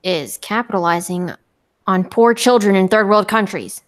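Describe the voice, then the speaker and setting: A woman's voice: medium pitch, moderate pace, background noise. A woman co-hosting a podcast in casual chat, chatty and ironic with frequent giggles. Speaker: podcast co-host.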